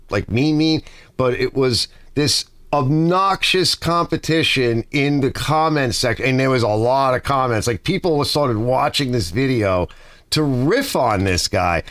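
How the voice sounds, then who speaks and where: A man's voice: on the high side, a bit bright, dry recording. A middle-aged man hosting a garage livestream, chatting casually, reading viewer comments and rambling through stories. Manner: rambling, talkative storyteller.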